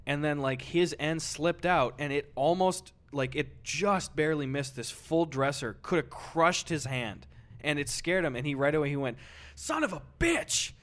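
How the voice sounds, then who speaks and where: A man's voice: a little high, normal speed, a bit bright. A young man co-hosting a podcast, telling easygoing stories with a chuckle in his voice. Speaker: podcast co-host. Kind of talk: casual chat.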